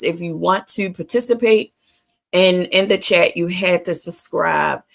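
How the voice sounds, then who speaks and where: A woman hosts a motivational livestream from home, talking slowly and deliberately at a mid pitch. She leans on emphasis and repeats her catchphrases while calling out to the chat. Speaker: livestream host.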